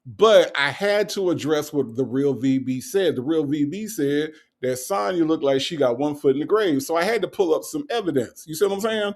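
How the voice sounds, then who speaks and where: Gravelly-voiced man teasing his live chat. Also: fairly high pitch, animated, moderate pace, a little mellow. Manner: teasing, laughs often, repeats rhetorical questions. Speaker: livestream host reading chat. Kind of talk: casual live commentary.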